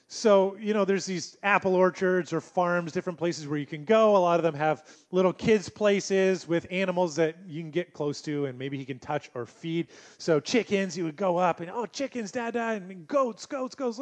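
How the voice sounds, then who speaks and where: A male pastor delivering a sermon in a conversational, storytelling way with gentle humor. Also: high-pitched.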